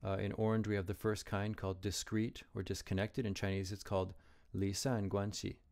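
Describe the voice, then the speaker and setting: A man teaching Chinese characters, explaining strokes and tones slowly and carefully. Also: on the low side, level tone, gravelly, darkish tone. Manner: slow, careful modeling of pronunciation.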